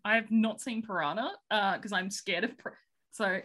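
A woman's voice: medium pitch, normal speed, a bit bright. A woman, chatting casually and laughing often as she recaps a film. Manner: giggly, chatty, many fillers.

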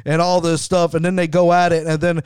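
A man's voice: on the high side, little pitch movement, brisk, a little mellow, smooth, no room sound, studio quality. A middle-aged man hosting a wrestling show, giving enthusiastic, conversational commentary with frequent restarts. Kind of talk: podcast commentary.

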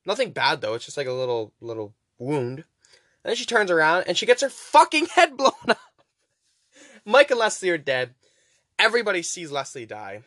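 Give me a young male podcast host retelling a film in an animated, profane ramble, recorded dry and close. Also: fairly high pitch, moderate pace, no room sound. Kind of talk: casual rambling movie recap.

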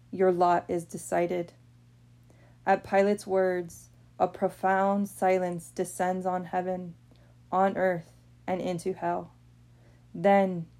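A woman reading a devotional meditation aloud in a slow, solemn, prayerful manner. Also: mid-range voice, warm tone.

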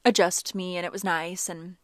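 A woman's voice: fairly low pitch, normal speed, no echo, studio quality. A young woman vlogger telling a personal story in a chatty, casual way, full of "like" fillers. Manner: chatty, animated, many "like" fillers.

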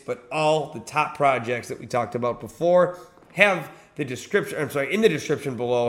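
Laid-back guy doing his daily screen-share show, kinda sleepy, lots of uhs. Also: mid-range voice. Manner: relaxed, chatty, reads descriptions aloud with filler words. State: sleepy, yawning. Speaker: host of a daily crypto collectibles show. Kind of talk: casual screen-share commentary.

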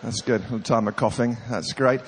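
A man's voice: medium pitch, steady tone, brisk, a little hiss or hum. Brief: male preacher, has a cold, joking and chatty, long hall reverb. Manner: self-deprecating, chatty, dry humor. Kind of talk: humorous sermon storytelling. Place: large hall with audience.

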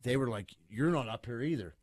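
Rapid, rambling man telling stories. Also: medium pitch, expressive, darkish tone, no room sound. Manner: rambling, filler-heavy storytelling. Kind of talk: casual chat.

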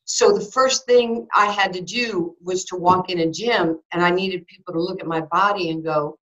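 A woman in her fifties, from New York, tells animated anecdotes in an interview, full of fillers and acted-out quotes. Her voice sits on the low side. The recording sounds a little dull and muffled. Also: moderate pace. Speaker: guest, former basketball player and coach.

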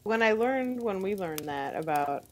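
A woman's voice: mid-range voice, lively intonation, moderate pace, darkish tone. Rambling, self-deprecating woman podcaster. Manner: rambling storyteller, self-deprecating, laughs often. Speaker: podcast co-host. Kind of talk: casual chat.

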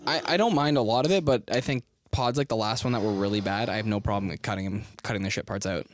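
A man's voice: on the low side, fast talker, slight background noise. A young man on a podcast, chatting casually and tossing in playful slang. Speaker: podcast co-host. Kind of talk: casual chat.

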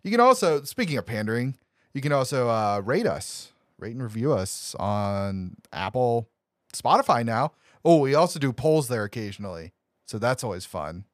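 A man co-hosting a movie podcast, chatting casually with jokes and quick asides. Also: mid-range voice, sing-song, no echo, clean studio sound. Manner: joking, upbeat, quick asides. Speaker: podcast co-host. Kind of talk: casual chat.

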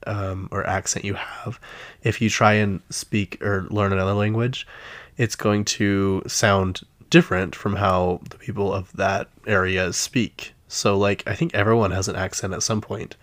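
Man with a Utah accent, lowish voice, casual rambling host. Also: level tone, measured pace, fairly bright tone. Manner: chatty, exasperated, lots of fillers. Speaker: podcast host. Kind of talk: casual pop-culture chat.

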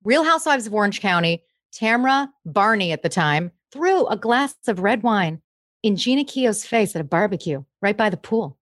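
A woman's voice: mid-range voice, expressive, normal speed, dry recording, studio quality. A woman comedian chatting as a guest, bubbly as she tells a story. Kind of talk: casual chat.

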